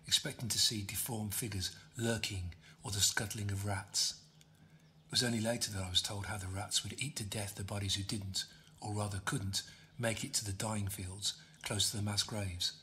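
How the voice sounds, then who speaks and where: A man reading his own novel aloud as an audiobook, steady storytelling. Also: fairly low pitch, a little hiss or hum. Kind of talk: audiobook narration.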